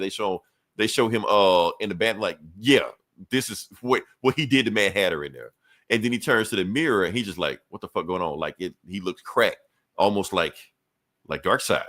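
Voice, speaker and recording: A man hosting a podcast, recapping a comic issue in loose casual storytelling, acting out characters' lines in quick asides with plenty of profanity. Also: lowish voice, a bit bright. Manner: frequent profanity and fillers. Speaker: podcast host.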